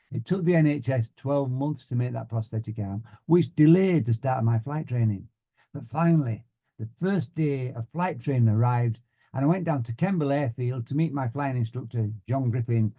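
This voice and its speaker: A man from Yorkshire with a Yorkshire accent, giving a humorous motivational talk with deadpan, self-mocking timing. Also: medium pitch, lo-fi sound. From Yorkshire, England. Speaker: motivational speaker.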